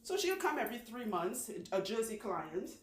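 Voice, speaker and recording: A woman who owns a salon, telling long stories in a chatty, animated way and laughing often. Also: a little high. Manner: chatty, animated, laughs often, does quick voices for people she quotes. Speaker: loctician, channel host. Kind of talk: casual storytelling talk. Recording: echoey room with faint background noise.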